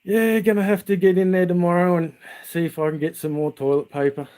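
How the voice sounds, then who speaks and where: A man's voice: high-pitched, little pitch movement, fairly quick, darkish tone, smooth. An Australian man vlogging outdoors, telling rambling stories to his viewers with many restarts and fillers. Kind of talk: casual storytelling to viewers.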